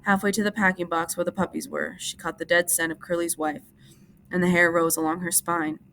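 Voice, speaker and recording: There's a faint hiss under this recording of a woman teacher reading a novel aloud, audiobook-style, for class. She speaks in a steady, measured way, her low voice carrying a gravelly fry.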